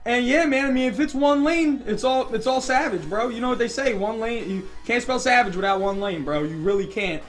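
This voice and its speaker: A young man casually telling a rambling, animated story while playing a video game, getting loud and excited at times. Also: very high-pitched, fairly quick, hardly any pauses. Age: young adult. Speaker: gaming YouTuber. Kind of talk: casual storytime over gameplay. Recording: faint background music.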